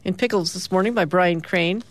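Lady radio host reading the comics, lowish voice, dry close sound, chatty. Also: normal speed, dry recording. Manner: relaxed, chatty with fillers.

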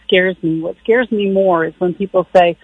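A man's voice: high voice, fairly even intonation, moderate pace, slightly rough, no room sound. Earnest male radio caller, muffled line. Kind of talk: call-in phone comment.

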